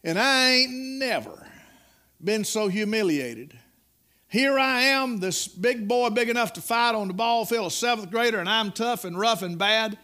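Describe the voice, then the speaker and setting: Middle-aged man, sermon, folksy storyteller, high voice. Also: lively intonation, unhurried. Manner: folksy, dramatic storytelling, rising to loud peaks. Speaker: preacher.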